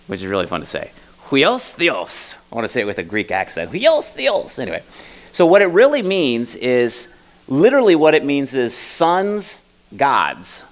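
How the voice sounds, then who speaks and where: Gravelly-voiced man preaching casually. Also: mid-range voice, fairly bright tone, poor audio. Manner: casual, conversational, with many "you know" and "right?". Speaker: pastor. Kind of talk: sermon. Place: church hall with a congregation.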